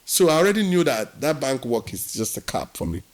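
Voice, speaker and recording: A man's voice: mid-range voice, a little fast. A man from Nigeria, telling his work story as an interview guest and acting out the dialogue. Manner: animated storyteller who acts out quoted dialogue.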